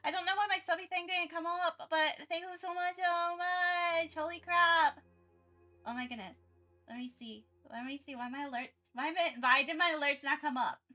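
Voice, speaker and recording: A young woman chats casually on her art livestream, gushing and rambling with plenty of filler words. Her voice sits a little high and has a bright, lively ring, and her pace is slow and meandering. Faint music plays quietly behind her. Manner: excitable, gushing thanks, rambling with many fillers. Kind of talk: casual live-stream chat.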